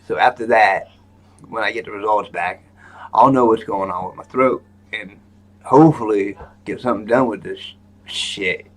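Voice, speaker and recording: A man hosting a live stream in a rambling, joking manner, with lots of fillers and restarts. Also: on the low side. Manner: joking, self-mocking. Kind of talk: casual live-stream chat.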